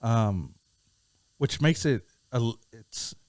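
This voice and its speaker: A man talks through album tracks on a casual podcast, laid-back and halting, often trailing off to find his words. His voice sits in an ordinary middle register. The sound is dry and close. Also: mid-range voice, expressive, a little mellow, dry recording. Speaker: podcast co-host. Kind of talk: casual music review chat.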